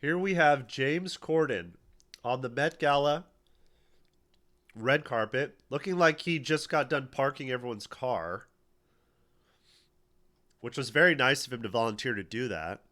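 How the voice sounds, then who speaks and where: A man's voice: mid-range voice, a little slow, long pauses, sharp tone. A man streaming casual commentary, joking crudely and spinning comic stories. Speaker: streamer, podcast host.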